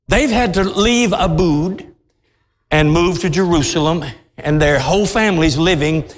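A man preaching a sermon as pastor of his church, impassioned, swinging from low intensity to loud outbursts. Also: big-room sound. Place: large church hall.

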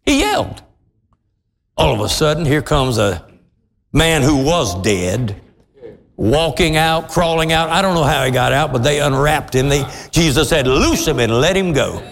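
A man preaching a sermon with passion, his voice climbing into shouts at its peaks. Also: on the high side, moderate pace, big-room sound. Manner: impassioned, rising to shouts.

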